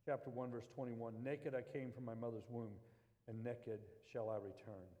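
A man's voice: mid-range voice, little pitch movement, moderate pace, dark tone, in a large hall. A man preaching a Sunday sermon, reading scripture and rising to impassioned pleas. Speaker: pastor.

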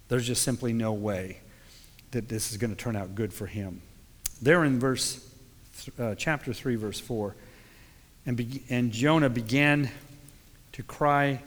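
Male pastor preaching casually, acting out voices, mid-pitched, reverberant church hall. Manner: conversational preaching, acts out quoted voices. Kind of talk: sermon.

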